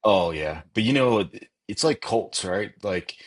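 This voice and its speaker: A man's voice: fairly low pitch, lively intonation, unhurried. A middle-aged man talking as a podcast guest, rambling and leaning on "you know" fillers. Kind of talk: casual conversation.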